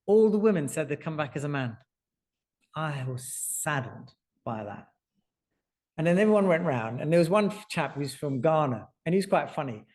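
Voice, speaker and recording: A man in his forties, a surgeon and author, telling personal stories in a lively way and acting out the dialogue. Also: fairly high pitch, moderate pace. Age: 40s. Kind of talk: conversational storytelling. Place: lecture hall.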